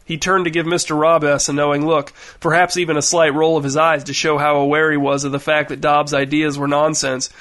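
A man narrating an audiobook, his voice sitting a little higher than most men's. He tells the story in an even, wry way. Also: a little fast, few pauses.

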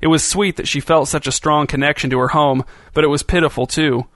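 A man narrating a novel in a steady, even storytelling voice. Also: fairly high pitch, a little fast, dry recording. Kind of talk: audiobook narration.

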